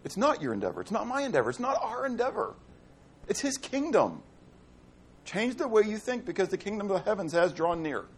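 A man's voice: high voice, big pitch swings, fairly quick, slightly rough. A man preaching a sermon, asking rhetorical questions and repeating key phrases. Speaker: pastor.

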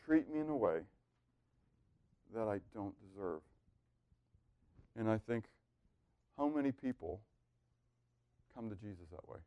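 A man teaching a Bible class, asking questions and waiting for answers, swinging from loud emphasis to near-murmured asides. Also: fairly low pitch, animated, measured pace, long pauses, no room sound, dull audio.

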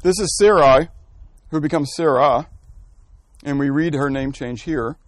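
In a Bible study he teaches, a man with a fairly high voice and measured pace quizzes the class, naming people to answer. He thinks out loud and corrects himself as he goes, and no room sound is present.

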